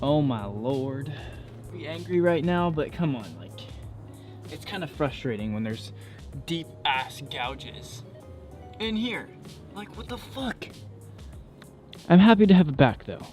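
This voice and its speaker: A man's voice: a little high, very animated, measured pace, long pauses, over music. Young man vlogging, swearing, exasperated. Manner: frank, swears a lot, exasperated. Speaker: car vlogger. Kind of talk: casual vlog.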